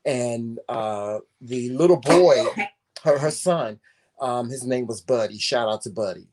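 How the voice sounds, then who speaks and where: A man co-hosting a casual talk show, telling a personal story in an animated, profane and emphatic way. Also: medium pitch, unhurried.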